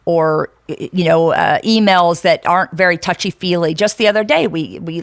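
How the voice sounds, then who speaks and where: A woman's voice: mid-range voice, a bit bright, no room sound, clean studio sound. A woman co-hosting a podcast in casual, frank talk, chatty and full of fillers and restarts. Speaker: podcast co-host.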